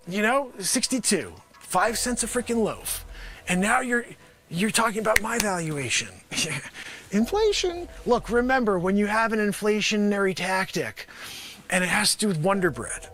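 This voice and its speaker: A man doing an improvised comedy monologue, rambling and animated, sometimes shouting. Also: extremely high pitch, gravelly. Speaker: comedian host. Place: home studio with green screen.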